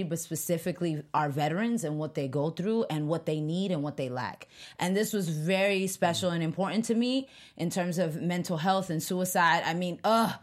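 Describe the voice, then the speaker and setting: A woman co-hosting a TV after-show, enthusiastic and earnest in casual panel chat. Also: low-pitched. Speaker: co-host.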